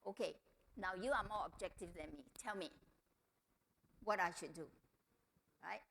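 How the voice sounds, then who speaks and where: A middle-aged woman giving a family seminar talk, telling stories and acting out quotes in a higher voice. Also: normal speed, vocal fry. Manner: animated storytelling, acts out quotes in a higher voice. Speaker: seminar speaker.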